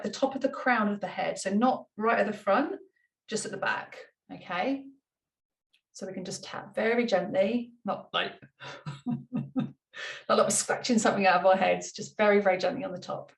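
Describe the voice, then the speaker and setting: Woman coaching in a roomy room. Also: medium pitch. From United Kingdom. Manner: light-hearted, laughs at herself, repeats gentle instructions. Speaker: money mindset coach. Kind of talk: chatty tapping demonstration. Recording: roomy room, mic at a distance.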